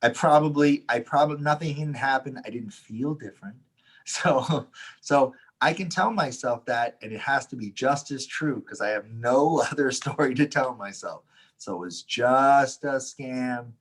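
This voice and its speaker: A man co-hosting a casual talk, telling an anecdote with lively quoted dialogue, frequent laughs and swearing. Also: medium pitch, a little slow. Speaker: Taoist teacher, podcast co-host. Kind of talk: casual storytelling chat.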